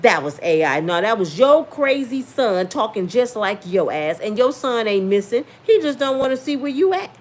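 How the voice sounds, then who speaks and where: Animated sassy woman with a lively voice. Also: moderate pace, few pauses. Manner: animated, sassy, rising to high exclaims. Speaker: livestream host reading viewer comments. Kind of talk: casual commentary livestream.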